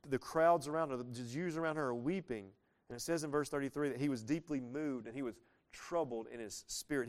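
Pastor, male, 30s; resonant, smooth voice; relaxed verse-by-verse sermon, casual and earnest, surging in emphasis. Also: mid-range voice.

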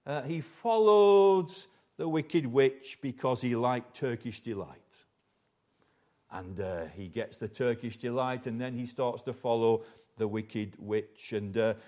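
In a chapel, a man with a medium-pitched voice preaches an earnest, unhurried sermon. At times he turns to address the children directly.

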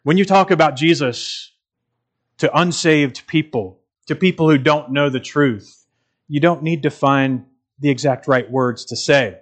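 A man's voice: a little high, unhurried. A man preaching a sermon in an earnest, emphatic way, repeating phrases for stress.

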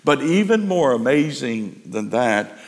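A man preaching a sermon, slow and emphatic, building in intensity. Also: mid-range voice, sing-song, big-room sound. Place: church.

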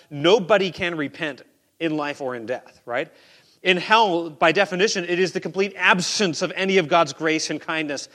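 Man, pastor, sermon, bright tone, slightly high pitch, quiet asides, loud emphasis. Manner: conversational preaching, swings between quiet asides and loud emphasis.

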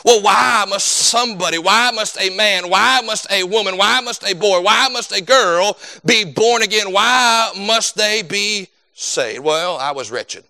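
A male pastor delivering a sermon. His voice sits high and rings bright and forceful. He drops abruptly from loud emphasis to low, hushed lines in a rhythmic preaching cadence. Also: measured pace, gravelly, hardly any pauses.

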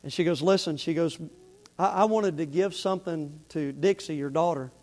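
A man preaching a sermon, telling a story with lively energy before turning soft and earnest. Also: a little high, moderate pace. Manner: animated, rising to near-shouting in the story, dropping soft and earnest for the appeal. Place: church sanctuary. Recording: long hall reverb.

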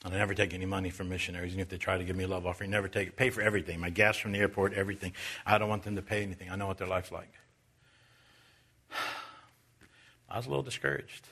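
Baptist preacher guy, bright voice, goes from hollering high to quiet storytelling. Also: steady tone, rapid-fire, pauses often. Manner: rises to loud, high-pitched preaching, then drops to quiet storytelling. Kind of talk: sermon. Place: church.

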